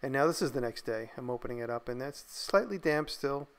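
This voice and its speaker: A man casually narrating a voice-over of his workshop build, thinking aloud in a relaxed, tired way. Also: mid-range voice, a little fast.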